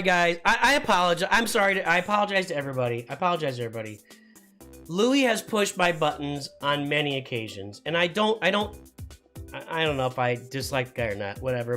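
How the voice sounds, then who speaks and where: A man's voice: fairly high pitch, bright, forceful tone. A middle-aged man hosting a casual live stream, talking in rambling, self-interrupting bursts.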